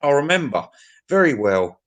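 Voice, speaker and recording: A man's voice: medium pitch, big pitch swings, normal speed. A middle-aged man in casual chat, telling stories in a sweary, ranting way.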